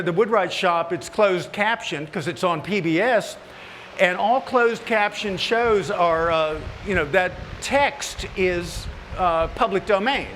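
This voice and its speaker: On stage in a big hall at a woodworking event, a man who hosts a woodworking TV show entertains a live crowd with humorous, folksy stories, his voice rising high when he gets excited. His tone is fairly bright, with a little hiss or hum and the audience laughing.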